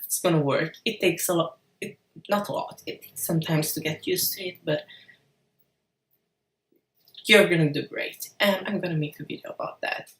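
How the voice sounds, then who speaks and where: Woman vlogging, frank and encouraging, bit low voice, echoey room, sits back from the mic. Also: normal speed, pauses often, far from the mic. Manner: frank, encouraging, casual swearing. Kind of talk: casual advice vlog. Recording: roomy echo, off-mic.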